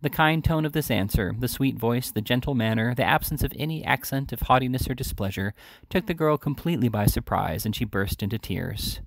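A man reading a classic novel aloud in a steady, measured way. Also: mid-range voice, dry recording. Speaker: reader.

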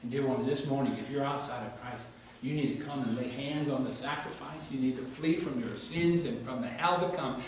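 A male pastor preaching a sermon, rising to loud exhortation and dropping to quiet pleading. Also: mid-range voice, moderate pace. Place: church sanctuary. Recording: roomy church sound from a distance, faint hiss.

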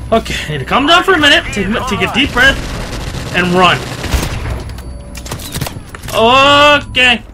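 Excitable high-voiced man whooping over gunfire. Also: a little slow, pauses often, noisy background. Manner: excitable, swears and whoops between muttered self-talk. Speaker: gaming commentator. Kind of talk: excited gameplay commentary. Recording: loud game gunfire under the voice. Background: gunfire and explosions from the game.

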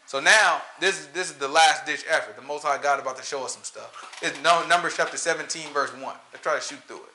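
Lively bright-voiced preacher man, roomy sound. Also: a little high, fast talker, a little hiss or hum. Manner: animated, talks straight to listeners, often asks "you know what I'm saying?". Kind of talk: casual conversational sermon. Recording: roomy echo.

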